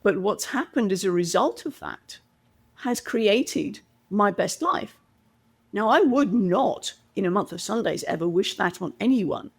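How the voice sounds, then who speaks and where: Her mid-range voice is unhurried, creaky and slightly rough as this middle-aged British communication coach shares stories in a podcast interview. Animated throughout, she performs what others said in their own voices.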